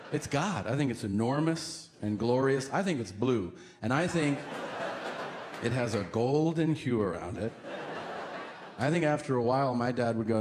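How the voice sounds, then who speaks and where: A man in his thirties doing a stand-up comedy routine on a club stage, telling stories with lively acted-out voices and sudden yells. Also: medium pitch, a little hiss or hum. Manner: animated storytelling, acts out voices, bursts into yelling. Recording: live club with loud crowd laughter.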